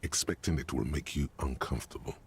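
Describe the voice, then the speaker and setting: A man voicing a grim, knowing narrator in a video game, speaking in measured, ominous commentary with a gravelly, raspy voice. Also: extremely low pitch, heavily acted.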